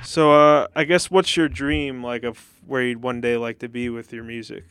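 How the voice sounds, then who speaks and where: A young man hosts a casual interview podcast, his voice smooth and clear. He talks in a relaxed way and hesitates often, filling gaps with "like" and "uh". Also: medium pitch, moderate pace, no echo. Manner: relaxed, hesitant with many fillers. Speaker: podcast host.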